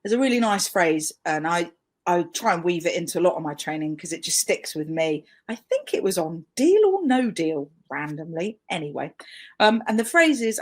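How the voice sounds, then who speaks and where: Chatty British woman trainer, lowish voice. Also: big pitch swings, moderate pace. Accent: British English. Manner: chatty, self-deprecating, emphatic. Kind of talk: live webinar training talk.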